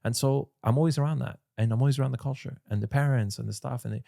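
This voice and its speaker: A man being interviewed as an actor guest, chatting in a relaxed way and telling stories with some swearing. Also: medium pitch, very fast, creaky, no room sound, clean studio sound. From Canada. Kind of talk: casual podcast interview.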